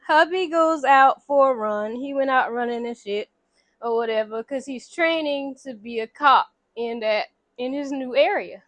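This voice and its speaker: High-voiced woman casually retelling a story. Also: dry recording. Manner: animated, acts out characters' lines with voices. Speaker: vlogger recapping a movie. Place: home room near a window.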